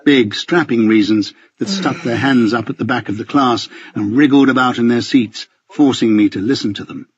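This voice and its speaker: A man's voice: mid-range voice, normal speed, few pauses, lo-fi sound, slight background noise. A man narrating a first-person audiobook with a dry, wry, understated delivery.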